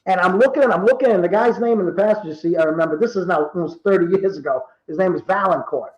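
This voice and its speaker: A man in his fifties from Rhode Island, telling true stories in casual talk and acting out the quoted dialogue with lively energy. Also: high voice, quick pace, reverberant, lo-fi sound. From Rhode Island, USA. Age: 50s. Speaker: guest. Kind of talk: casual storytelling.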